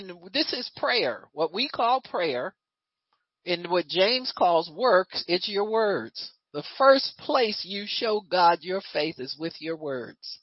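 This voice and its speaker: A woman preaching a sermon in a lively, conversational way, full of rhetorical questions. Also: mid-range voice, dry recording, lo-fi sound.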